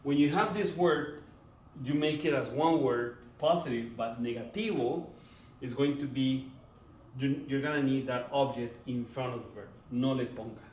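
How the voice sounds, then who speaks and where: A man teaching a Spanish grammar lesson, speaking slowly and repeating words while checking in with his listeners. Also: mid-range voice, darkish tone. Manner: slow and deliberate, repeating words, checking in with "right?" and "okay?". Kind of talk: classroom lecture. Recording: echoey room, voice from far off, faint background noise.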